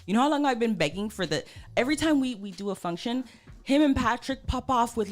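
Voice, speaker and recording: A woman with a Toronto accent co-hosting a casual radio chat, animated and teasing as she jokes around. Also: a little high, fast, faint music behind. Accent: Canadian, Toronto. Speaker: radio co-host.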